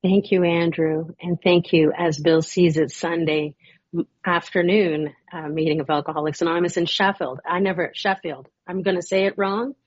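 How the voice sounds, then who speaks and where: Guest speaker: middle-aged woman, deep and breathy, rambling and grateful, muffled call audio. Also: steady tone, moderate pace, no echo. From Canada. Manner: rambling, warm and grateful, with many restarts and fillers. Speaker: guest speaker at a recovery meeting. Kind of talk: personal share at a support meeting.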